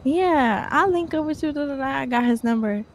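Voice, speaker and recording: Casual female roleplayer, chatty and relaxed, somewhat high pitch. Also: moderate pace, slight background noise. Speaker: fellow roleplay player. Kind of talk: in-character roleplay chat.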